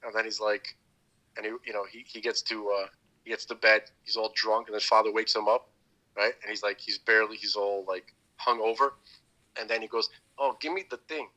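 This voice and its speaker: A man co-hosting a casual podcast, retelling comedy routines in an animated way and acting out the people in them. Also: lowish voice, a little fast, dull audio. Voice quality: animated storyteller who acts out the voices in his stories. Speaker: podcast co-host.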